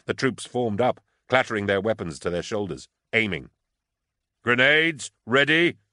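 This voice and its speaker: A man reads an audiobook in a steady, even storytelling manner. His voice sits low and is recorded on a close, dry studio mic. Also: moderate pace, dry recording. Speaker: audiobook narrator. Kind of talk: scripted audiobook narration.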